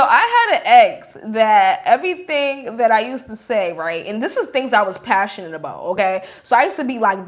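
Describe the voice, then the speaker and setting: A woman doing a casual tarot reading, blunt and animated, laughing often as she talks. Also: mid-range voice. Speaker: tarot reader.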